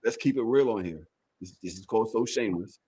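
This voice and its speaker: A man co-hosting a podcast in casual chat, teasing and animated, with loud bursts. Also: fairly low pitch, quick pace, husky. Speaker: podcast co-host.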